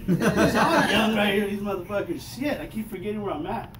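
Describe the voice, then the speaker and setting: Man, 50s, high-pitched, profane stand-up comic, roomy distant recording. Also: moderate pace, a crowd in the background. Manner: profane, loud, animated storytelling. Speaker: stand-up comedian. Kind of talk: stand-up comedy set. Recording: echoey room, mic heard from a distance, noisy.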